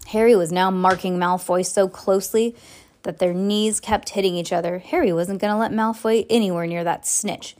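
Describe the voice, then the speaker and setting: Woman podcaster reading a book out loud, expressive, little restarts. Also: medium pitch, normal speed. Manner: expressive, with small restarts and asides. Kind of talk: casual read-aloud storytelling.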